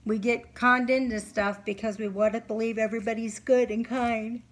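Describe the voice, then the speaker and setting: A middle-aged woman talking to camera at home as a psychic reader, earnest and halting, sleepy and yawning. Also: fairly high pitch, flat delivery, rough recording. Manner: earnest, halting, many fillers. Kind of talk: casual monologue to camera. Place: home, candles lit.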